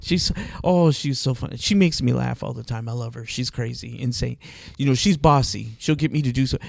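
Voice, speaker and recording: A man's voice: mid-range voice, a little fast, creaky, no echo, clean studio sound. A man hosting a podcast, chatting casually with gossipy, dramatic flair. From Mexico. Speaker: podcast host. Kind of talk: casual chat.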